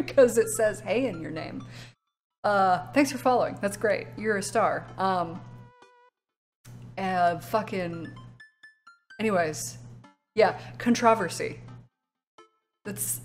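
A woman streaming a game, chatting casually with viewers, laughing often and swearing freely. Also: mid-range voice. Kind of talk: let's play commentary.

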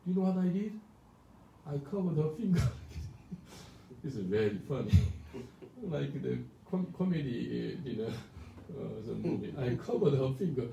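A male pastor preaching a sermon, emphatic and animated, often asking the congregation whether they understand. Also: fairly high pitch, normal speed, vocal fry. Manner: animated, emphatic, calls for responses. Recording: echoey room from far off, faint noise.

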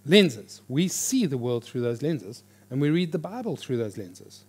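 A man teaching a church class on reading the Bible, in a lively, joking conversational way. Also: medium pitch, a little slow, breathy edge. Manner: animated, jokey, with lively quoted voices. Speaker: pastor teaching a Bible course. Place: church hall before an audience.

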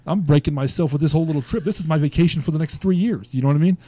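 A man's voice: on the high side, rapid-fire, mellow. A man guesting on a podcast, casually telling a story with lots of swearing and laughs. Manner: laid-back, swears often, laughs while telling.

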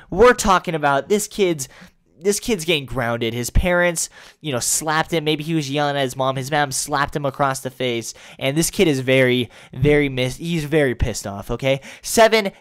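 A young man giving crude, sarcastic comedic commentary as a YouTuber, often breaking into loud mock voices. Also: on the high side, smooth.

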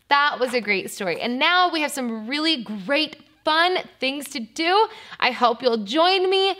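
A woman teaching a preschool Bible lesson, speaking to little children in an animated, sing-song way. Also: high-pitched, a little slow, a little hiss or hum.

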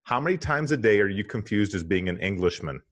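Man, co-host, low voice, animated pitch, joking and laughing, casual chat. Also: a little fast. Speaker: podcast co-host.

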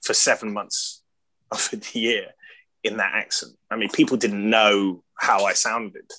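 An Englishman in his thirties chats as a guest, rambling and self-deprecating, and laughs often. His voice sits a little low. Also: level tone, a little slow, bright, forceful tone. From England. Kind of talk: casual chat.

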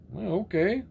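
A man chats in a relaxed, rambling way, reading out names and comments and replying to each. His voice sits a little on the high side. He keeps tossing in easygoing, friendly sign-offs. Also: gravelly, husky. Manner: laid-back, rambling, reads comment names then answers; repeats friendly sign-offs like "right on, brother". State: sore arm and shoulder. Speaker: diecast collector reading viewer comments. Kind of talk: casual chat.

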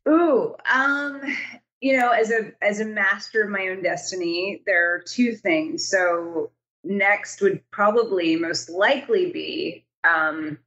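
A woman's voice: medium pitch, slow pace, a bit bright, muffled recording. Woman telling an anecdote in an interview. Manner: chatty, acts out quoted voices, frequent fillers. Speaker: writer and director, guest. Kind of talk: casual interview storytelling.

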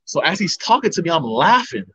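Young male fighter guest, quick animated storyteller, slightly high voice. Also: highs cut off. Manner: animated storyteller, acts out his coaches' lines. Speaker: MMA heavyweight fighter, guest. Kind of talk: casual storytelling interview.

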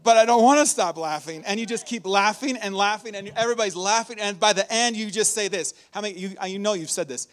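A high-pitched male pastor delivers a lively church sermon, upbeat and animated. He laughs often between his points and leans into the congregation. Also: fast, hardly any pauses. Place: church hall.

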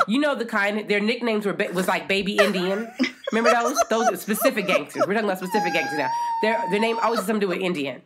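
Animated, teasing woman telling stories. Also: medium pitch, quick pace, very noisy. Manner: animated, teasing storyteller who acts out quotes. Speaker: podcast co-host. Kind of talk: casual chat.

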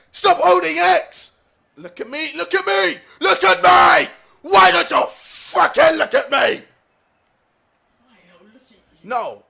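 A man in a gaming rage, yelling and swearing at a teammate. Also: extremely high pitch, creaky. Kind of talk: raging gaming rant.

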